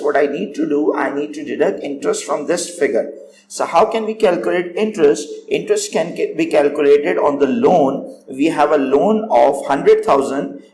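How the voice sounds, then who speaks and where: A male accounting teacher with a fairly high, gravelly voice walks through a worked problem one step at a time. He speaks directly to his students. The recording is echoey, with a faint hum underneath. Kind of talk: recorded lecture. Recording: echoey room, faint background noise.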